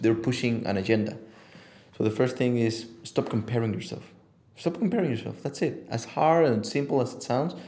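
A man's voice: mid-range voice, darkish tone. A man who works as an image consultant, talking as a podcast guest with passion and lots of swearing, acting out the voices he quotes. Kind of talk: casual interview talk.

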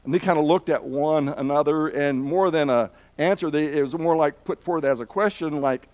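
A man teaching a lesson through a story, with dramatic pauses and restarts. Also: on the high side, darkish tone, highs cut off. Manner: repeats words while telling. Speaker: Bible teacher.

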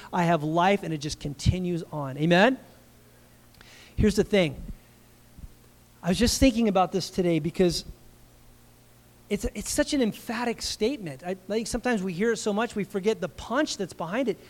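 High-voiced man preaching a sermon. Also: darkish tone. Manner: emphatic, calls out "Amen?" to the congregation; conversational preaching with restarts and rhetorical questions. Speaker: pastor.

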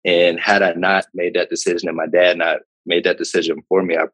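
Deep, husky-voiced man telling his story. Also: brisk, dry recording, poor audio. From Pittsburgh, Pennsylvania, USA. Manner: relaxed, reflective, frequent fillers and repeats. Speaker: podcast guest, startup founder. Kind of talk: casual interview storytelling.

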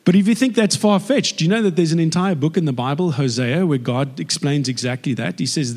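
A South African man sharing a personal testimony in an animated storytelling manner. His voice sits a bit high for a man, and he slips into acted dialogue as he goes. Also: a little fast, few pauses. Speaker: actor giving a faith testimony.

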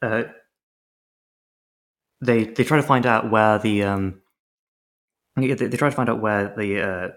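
A man's voice: on the low side, a little slow, pauses often, a bit bright. A man co-hosting a casual chat, rambling and sarcastic as he recaps a TV episode. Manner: rambling, sarcastic, lots of restarts.

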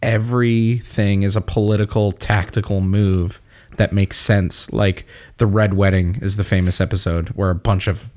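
Low-voiced man rambling with profanity. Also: fairly even intonation, moderate pace, darkish tone. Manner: rambling, profane, laughs often. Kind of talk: casual chat.

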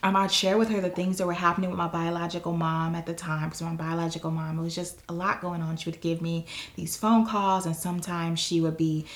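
A woman's voice: fairly low pitch, brisk, hardly any pauses. A woman from Watts, California, telling her personal story as an interview guest, with lots of "um" and "like" and frequent laughter. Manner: animated, full of "um" and "like", laughs often. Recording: roomy echo.

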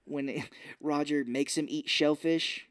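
A man's voice: fairly high pitch, fairly even intonation, slow, a bit bright, smooth, no room sound, clean studio sound. Jokey podcast man recapping a film. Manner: jokey, acts out characters in silly voices, swears freely. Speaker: podcast co-host. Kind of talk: casual movie recap chat.

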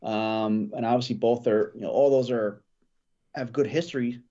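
A man chatting casually about hockey as a podcast guest, thinking out loud with fillers and restarts. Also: mid-range voice, fairly even intonation, normal speed, highs cut off. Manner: thoughtful, many fillers and restarts. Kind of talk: casual sports chat.

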